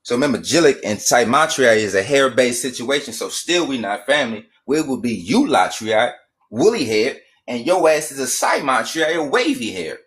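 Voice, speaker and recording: A man's voice: mid-range voice, lively intonation, moderate pace, a bit bright. A man in a heated casual rant, profane and emphatic. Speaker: streamer.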